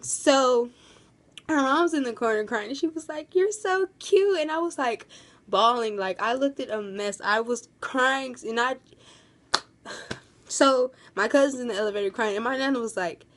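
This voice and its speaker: A young woman chats straight to camera, telling a long story in a rambling, gushing way. Her voice sits slightly high, and she leans on fillers like "like" and "you know.". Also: unhurried. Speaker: vlogger. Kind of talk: casual storytime vlog.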